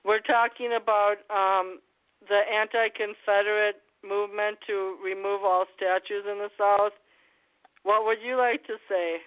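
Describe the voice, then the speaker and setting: A woman hosting a casual call-in talk show, quizzing her co-hosts with trivia in a brisk, joking way. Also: mid-range voice, steady tone. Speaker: host. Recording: tinny phone-like line.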